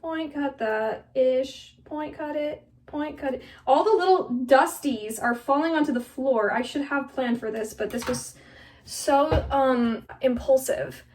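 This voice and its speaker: A woman's voice: sits high, a little slow, darkish tone, recorded from a distance. A 17-year-old girl vlogging as she cuts her own hair, talking in a chatty, flustered, self-mocking way full of "like". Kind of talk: casual chat while cutting her own hair. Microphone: phone camera.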